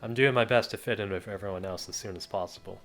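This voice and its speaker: A man's voice: fairly low pitch, quick pace, a bit bright, soft background music. A man voicing a flustered young man who talks in a clumsy put-on dialect, in a whiny, overdone, strained way. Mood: defensive.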